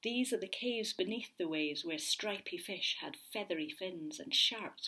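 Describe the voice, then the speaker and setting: A woman teacher reads a children's picture book aloud at a slow, unhurried pace. Her voice is a little husky and she often sinks into soft whispers as she talks to the young listeners. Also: fairly low pitch. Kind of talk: read-aloud storytelling for children.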